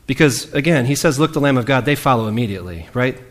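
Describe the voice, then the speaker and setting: A man preaching in a casual, talkative way, with a voice of middle pitch. He breaks into little acted-out voices for the people in his story and keeps an easy, chatty tone with his listeners. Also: fast talker. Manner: lively, conversational, acts out quoted lines. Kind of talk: conversational sermon.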